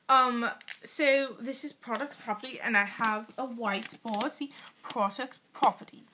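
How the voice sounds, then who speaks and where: A woman's voice: on the high side, fairly even intonation, a little slow, sharp tone. A teenage girl speaking in a put-on British accent, hesitant and playful, full of ums, explaining a school project into an iPad in her bedroom. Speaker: student. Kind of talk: homemade school project video. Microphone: iPad built-in mic.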